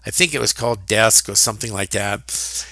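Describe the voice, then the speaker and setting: A man's voice: on the low side, moderate pace, vocal fry, sharp tone, no echo. A middle-aged man, a real estate agent, casually telling a story with fillers and quoted dialogue. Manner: chatty anecdotal telling with fillers and acted quotes.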